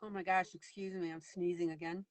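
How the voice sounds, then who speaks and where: A woman's voice: lowish voice, flat delivery, a little fast, heavy background noise. A woman hosting a live coloring broadcast, narrating each step of her coloring as she goes.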